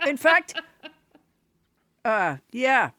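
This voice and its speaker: Comedy host, woman, bright high voice, playful teasing, laughs a lot. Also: very animated, no echo, clean studio sound. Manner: teasing, quick with jokes, laughs often. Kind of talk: casual comedy chat.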